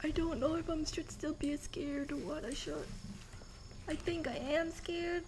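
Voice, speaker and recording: A woman's voice: sits high, a little slow, noisy background. A woman streaming a video game live, commenting jokily and slipping into nervous whispers. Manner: jittery, joking, drops into fake-scared whispers.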